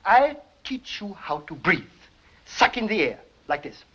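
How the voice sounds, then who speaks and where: An actor playing an excitable elocution professor with a Spanish accent and a husky voice, sputtering and exasperated in 1940s film comedy acting, on a dull old film soundtrack. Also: male voice, high voice, a little slow, a little hiss or hum, exaggerated voice. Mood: instructing. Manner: exasperated, sputtering, bursts of laughter. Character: excitable Mexican elocution professor, fussy man. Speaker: elocution teacher.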